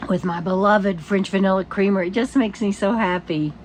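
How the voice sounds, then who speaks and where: An older woman chatting to camera from her RV, tired, halting and rambling with restarts and soft laughs. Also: medium pitch, a little hiss or hum, low-quality recording. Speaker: vlogger. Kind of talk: casual morning chat to camera. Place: inside her RV.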